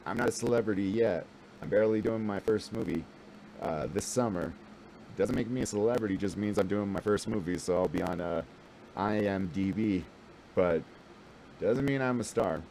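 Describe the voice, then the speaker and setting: A man's voice: fairly low pitch, normal speed, vocal fry, darkish tone, a little hiss or hum, rough recording. A man in his forties telling a rambling, self-deprecating story to camera, full of fillers and restarts. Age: 40s. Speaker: vlogger and new actor.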